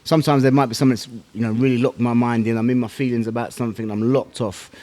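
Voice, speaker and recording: A man's voice: mid-range voice, fairly even intonation, very fast, dark tone. A man, a former fighter and podcast guest, telling his story bluntly, swearing and using slang. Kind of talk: casual interview talk.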